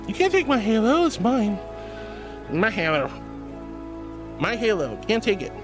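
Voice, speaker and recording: Male streamer, high bouncy voice, sweet and doting, calls everyone sweetie, casual live chat on a computer mic. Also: wildly swooping pitch, measured pace, music in the background. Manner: gushing and affectionate, calls viewers sweetie. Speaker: VTuber streamer. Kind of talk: casual livestream chat, reading chat messages.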